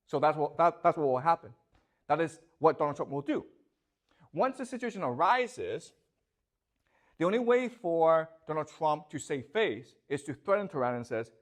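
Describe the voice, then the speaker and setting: A man's voice: fairly high pitch, very animated, moderate pace, pauses often. A man giving a classroom lecture, posing rhetorical questions and constantly checking that his students follow.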